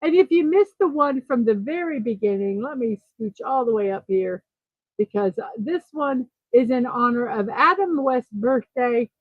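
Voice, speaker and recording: A woman's voice: fairly high pitch, lively intonation, normal speed, no echo, narrow, tinny audio. A woman hosting a casual livestream morning show, chatting, reading viewer comments aloud and fumbling a little with numbers.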